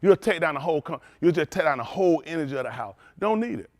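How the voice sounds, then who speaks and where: A male pastor preaches an animated sermon, his voice set high and leaping all over the place. He tells stories and throws questions out to the congregation. The sound is dry and close. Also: fast, no echo.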